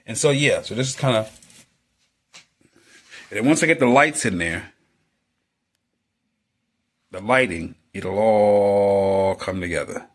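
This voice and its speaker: A man's voice: lowish voice, takes it slowly, pauses often. A man, an artist and model builder, chatting casually at home as he works, with lots of fillers and playful little sound effects.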